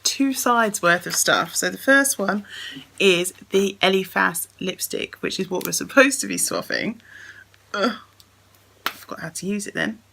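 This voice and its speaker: A woman's voice: mid-range voice, a little slow, vocal fry, bright, forceful tone, slight background noise. A young woman chatting casually as she unboxes a gift on camera, effusive and full of thanks. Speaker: beauty vlogger.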